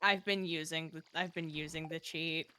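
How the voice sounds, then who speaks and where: A woman's voice: deep voice, steady tone, moderate pace, sharp tone, clean tone. A woman chatting casually as a co-player in a game, wry and offhand, swearing casually. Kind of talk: casual gaming chat.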